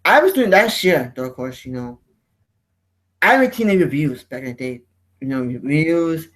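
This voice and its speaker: Brief: high-pitched male host, heated profane rant. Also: expressive, moderate pace, fairly bright tone, rough recording. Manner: ranting, profane, repeats words. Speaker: show host. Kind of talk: heated casual chat.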